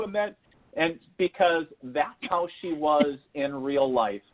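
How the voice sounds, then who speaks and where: A man, a spiritual medium, telling funny stories on a talk show in a lively, laughing way. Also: medium pitch, measured pace. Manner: animated, laughing anecdotes with acted-out quotes. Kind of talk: casual storytelling on a call-in show. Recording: phone-line audio.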